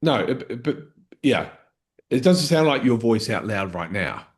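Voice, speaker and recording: A man's voice: medium pitch, very animated, a little slow. A man coaching a live training session, explaining step by step, restarting phrases and checking in with "okay?".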